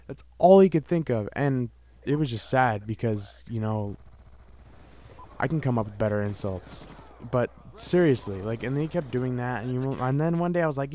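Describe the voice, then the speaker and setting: Talking fast with lively intonation, this young man spins a rambling story for his vlog audience, full of "like" and "you know." His voice is a bit mellow and sits at a normal middle pitch, and he keeps it casual and chatty.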